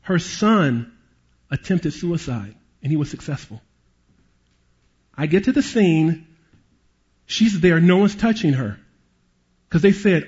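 A man preaching a sermon as a pastor and police chaplain, an animated storyteller who drops to hushed tones at emotional moments. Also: a little high, measured pace, long pauses, slightly rough, lo-fi sound.

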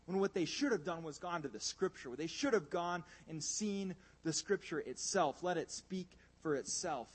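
A man preaching a sermon, animated and emphatic, swinging between loud bursts and hushed asides. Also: on the high side, moderate pace, few pauses, slightly rough.

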